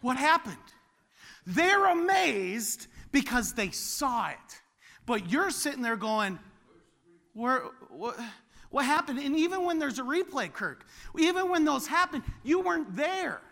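High bright-voiced male pastor preaching. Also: measured pace, vocal fry. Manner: animated, building to loud exclamations. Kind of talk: sermon.

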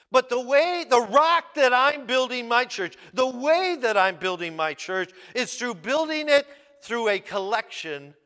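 A man preaching a sermon, speaking slowly and with emphasis and repeating key words as he explains a passage. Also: very high-pitched, bright, forceful tone, big-room sound. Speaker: pastor.

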